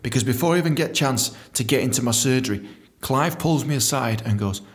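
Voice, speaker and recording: Animated, swearing British man telling stories. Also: mid-range voice, fast talker. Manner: animated, profane, acts out dialogue. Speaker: podcast host. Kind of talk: casual storytelling.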